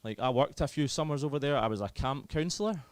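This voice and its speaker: A man's voice: mid-range voice, animated, fast talker, clean tone, no room sound. A young Scottish man with a Scottish accent performing a self-deprecating, chatty stand-up comedy set. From Scotland.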